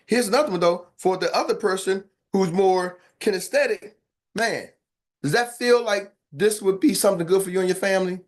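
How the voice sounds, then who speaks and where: A man's voice: sits high, fairly quick. A man leading a sales training session who acts out customer replies and keeps checking in with his audience. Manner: energetic, acts out customer replies, asks "are y'all with me?". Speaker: sales coach. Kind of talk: live sales training talk.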